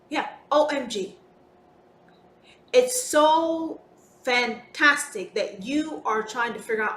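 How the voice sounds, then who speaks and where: A woman hosts a solo podcast, speaking slowly and emphatically, leaning hard on her words. Her voice sits at a middle pitch. The room around her is echoey, with a faint hiss of background noise. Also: a bit bright. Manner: emphatic, slow and deliberate, frequent swearing. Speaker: podcast host.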